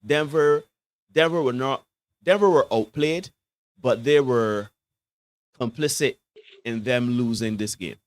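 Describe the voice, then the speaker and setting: A man breaks down a basketball game on a sports talk show, and he keeps asking "right?" as he goes. His voice sits mid-range, and he swings from low asides to loud, preachy bursts. The recording is dry and close, with no room sound. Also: unhurried, long pauses, no echo. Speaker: basketball analyst guest.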